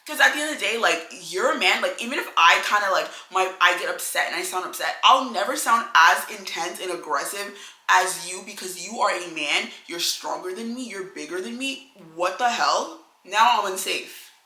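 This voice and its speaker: A young woman co-hosting a casual advice chat, talking bluntly and animatedly, full of "like". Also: moderate pace. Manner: animated, blunt, filler-heavy with "like" and "low-key". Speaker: co-host. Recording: echoey room.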